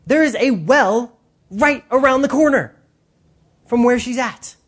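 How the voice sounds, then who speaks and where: A preacher delivering an animated sermon with emphatic, direct appeals to the congregation. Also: medium pitch, measured pace.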